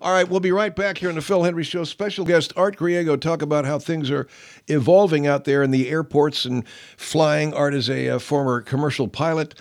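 A man's voice: fairly high pitch, steady tone, brisk. A man hosting a comedic radio talk show, rambling and reminiscing. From Southern California.

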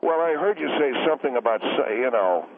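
A man with a mid-range voice, an actor lightly playing a touchy, rambling middle-aged husband who calls into a radio comedy show, speaks in an animated, brisk, defensive way and keeps mixing up he and she. The tinny phone line carries slight background noise.

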